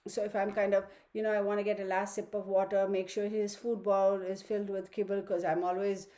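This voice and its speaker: A woman's voice: mid-range voice, flat delivery, a little fast, mellow. Chatty woman reading tarot at home. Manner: chatty, opinionated, talks to viewers and her dog. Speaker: tarot reader. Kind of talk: casual online tarot reading. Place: home study room.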